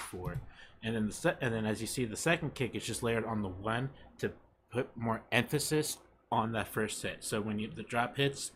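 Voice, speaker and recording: A young man hosting a casual music production tutorial, swearing freely and counting beats out loud. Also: mid-range voice. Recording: music playing underneath. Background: music playing.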